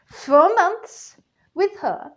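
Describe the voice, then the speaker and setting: A woman's voice: very high-pitched, expressive, very slow, a bit bright, full character voice. A woman playing a flippant, gossipy goddess queen of the underworld in a chatty comic monologue full of "like" and "you know".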